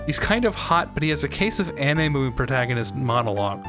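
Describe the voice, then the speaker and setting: A streamer voicing an excited young woman sidekick who chats eagerly, reading a game aloud. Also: medium pitch, fast talker, lightly acted. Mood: gushing. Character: bubbly young woman spirit medium sidekick. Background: loud game music.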